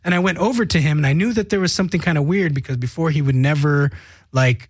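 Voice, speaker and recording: A man with a fairly high voice tells stories in casual chat as a guest musician. He swears freely and acts out other people's lines. The recording is dry and close. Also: quick pace, husky, no echo. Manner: animated storytelling, profane, acts out quotes.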